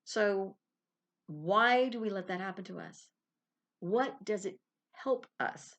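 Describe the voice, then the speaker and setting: A woman's voice: medium pitch, takes it slowly, a bit bright, lo-fi sound. A woman hosting a spiritual self-help podcast, talking casually and with animation, laughing and acting out small quoted exchanges. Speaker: podcast host.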